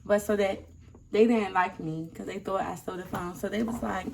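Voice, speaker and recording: Young woman, casual storytime vlog, animated, slightly distant mic, faint background noise. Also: mid-range voice, moderate pace, vocal fry. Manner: animated, acts out quoted people. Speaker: vlogger.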